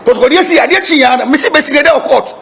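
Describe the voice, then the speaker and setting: A man's voice: extremely high pitch, fast talker, vocal fry, a bit bright. A man with a Ghanaian accent speaking for football club supporters, emphatic, switching between Twi and English and repeating himself. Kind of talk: press statement to reporters.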